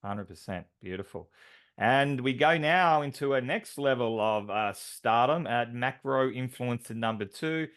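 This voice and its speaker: A man's voice: medium pitch, expressive, a little slow, a bit bright, smooth. Chatty man announcing team awards. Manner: enthusiastic, filler-heavy, driving metaphors. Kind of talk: upbeat team call.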